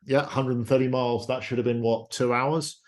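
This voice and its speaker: A man's voice: medium pitch, fairly even intonation, brisk, darkish tone. A man hosting a podcast, telling a travel story with enthusiasm in casual chat. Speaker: podcast host.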